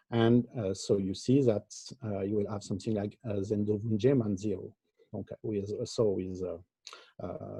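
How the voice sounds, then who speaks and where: A man presenting an academic lecture over a video call, halting often with filler sounds. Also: mid-range voice, creaky, mellow, slightly rough, no echo. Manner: hesitant, frequent filler sounds. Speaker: conference presenter.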